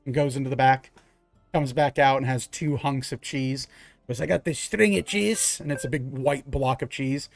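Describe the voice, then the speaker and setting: A man's voice: medium pitch, flat delivery, moderate pace, faint music behind. A man narrating as game master in a loose, filler-filled way.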